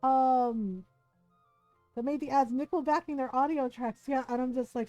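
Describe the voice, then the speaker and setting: A woman's voice: high-pitched, moderate pace, dark tone, no echo, soft background music. A middle-aged woman streamer chatting casually while gaming, laughing often and swearing freely.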